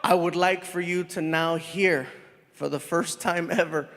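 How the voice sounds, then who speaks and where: A man doing animated live stand-up storytelling on a theater stage. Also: on the high side, a little slow. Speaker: stand-up comedian. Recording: live hall with loud crowd.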